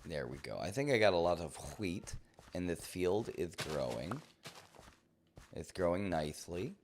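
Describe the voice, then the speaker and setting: A man's voice: low-pitched, lively intonation, measured pace, background noise. A man streaming a game live, talking in a playful, rambling way full of silly jokes. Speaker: gaming streamer. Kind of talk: live gameplay commentary.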